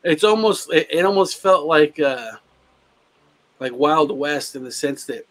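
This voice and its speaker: A man co-hosting a casual movie podcast, talking in an animated, profane way. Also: a little high, a little slow. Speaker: podcast co-host.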